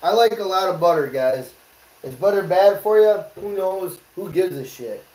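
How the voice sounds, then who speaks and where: A man's voice: high voice, lively intonation, normal speed, darkish tone, echoey room, rough recording. A man hosting a casual cooking livestream from his home kitchen, joking loosely, swearing freely and talking to his chat as he cooks. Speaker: livestream host.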